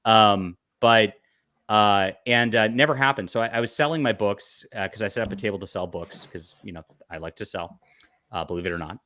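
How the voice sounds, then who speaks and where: A man with a lowish voice hosts a podcast and tells a casual story with animated energy, often breaking into laughter. The sound is dry and close, with no room around it. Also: fairly quick, no room sound. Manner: animated, laughs often while telling stories. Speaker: podcast host.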